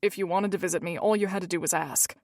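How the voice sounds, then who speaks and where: A woman's voice: fairly low pitch, fairly even intonation, fast, darkish tone, no room sound, clean studio sound, natural voice. A woman voicing a protective, commanding mafia man who gives curt, bored orders.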